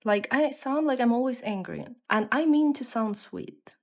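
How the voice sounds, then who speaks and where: A woman with a mixed non-native English accent, chatting casually with viewers on a live stream and slipping into soft whispered asides. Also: fairly high pitch, expressive, moderate pace, gravelly. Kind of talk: casual live-stream chat while coloring.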